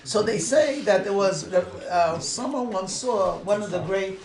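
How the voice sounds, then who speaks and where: Rabbi, male, high voice, storyteller who laughs often; echoey room with a noisy background. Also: a little slow. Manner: storytelling, laughing, quoting in a rising voice. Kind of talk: farbrengen talk.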